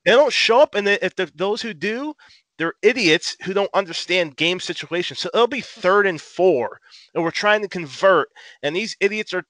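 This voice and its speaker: A man co-hosting a casual sports podcast, an animated, profane fan who rants. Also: high-pitched, normal speed, no echo. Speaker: podcast co-host.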